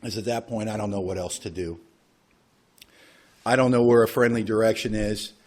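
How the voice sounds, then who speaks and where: A man's voice: fairly low pitch, fairly even intonation, moderate pace, darkish tone. A man telling his own recovery story to a group, wry and self-mocking, acting out the voices of people he quotes. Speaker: recovery workshop speaker.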